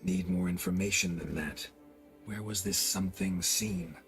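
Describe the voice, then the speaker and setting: A very deep, terse monster hunter. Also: male voice, moderate pace, music in the background. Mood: businesslike. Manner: terse, dry and blunt. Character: gruff middle-aged male monster hunter, curt and wry. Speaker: witcher for hire. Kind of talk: video game voice acting.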